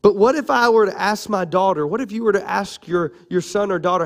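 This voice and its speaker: A man, preaching a sermon in a joking, conversational way and sounding a little hoarse. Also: high-pitched, brisk, hardly any pauses. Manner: animated, conversational and joking, lively shifts between loud and soft. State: raspy from cough medicine and little sleep. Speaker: pastor.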